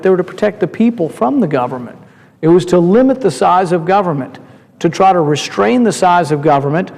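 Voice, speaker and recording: A man with a fairly high voice gives a long senate floor speech. He lays out his point in a measured, explanatory way, stopping to restart phrases now and then. His words ring through the long reverb of a large legislative chamber. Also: darkish tone.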